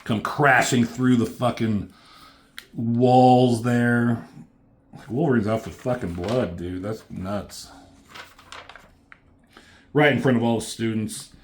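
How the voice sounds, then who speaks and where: A man's voice: mid-range voice, steady tone, takes it slowly, long pauses, a little hiss or hum. A man casually recapping and reviewing a comic book, loose and profane, reading out the characters' lines in a slightly raised voice.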